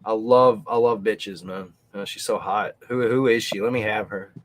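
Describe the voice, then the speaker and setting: A man's voice: lowish voice, steady tone, moderate pace, a little hiss or hum. A man hosting a casual livestream, rambling and swearing crudely. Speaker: host.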